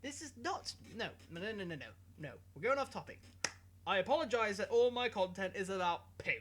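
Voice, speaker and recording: Young male vlogger, giggly and self-mocking, animated sing-song delivery. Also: sits high, brisk, a little hiss or hum. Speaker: YouTube host. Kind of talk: comic news vlog, rambling monologue.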